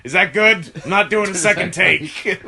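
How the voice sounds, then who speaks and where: A man's voice: high voice, normal speed, creaky, a crowd in the background. A man co-hosting a comedy podcast, laughing often and stumbling over his words in casual chat. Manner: laughs often, stammers and restarts. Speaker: podcast co-host.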